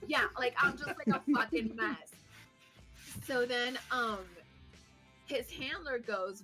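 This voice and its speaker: A woman with a bright, crisp, fairly high voice tells a story on a podcast, lively, profane and self-mocking. Faint music plays behind her talk. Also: unhurried. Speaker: podcast co-host. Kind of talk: casual storytelling chat.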